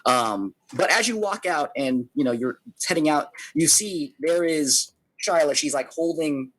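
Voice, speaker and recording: A man's voice: on the high side, animated, measured pace, fairly bright tone, rough recording. A man narrating as game master in a casual way, with fillers and restarts. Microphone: home microphone, online call.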